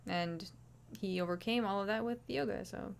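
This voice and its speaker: A woman's voice: medium pitch, normal speed, gravelly. A woman hosting a livestream, chatting casually and rambling with swearing and lots of restarts. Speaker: livestream host.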